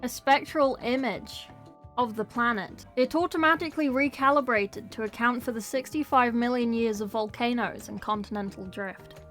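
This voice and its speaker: A woman's voice: on the high side, normal speed, fairly bright tone, soft background music. A woman casually reading a novel aloud, with playful, chatty asides. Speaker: book reader.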